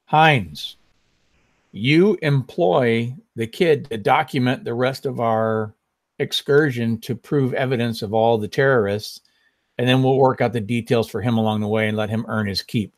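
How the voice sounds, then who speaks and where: A man's voice: medium pitch, measured pace, dry recording. A man playing a tabletop game, laying out a plan persuasively. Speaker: player. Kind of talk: casual chat as a tabletop player.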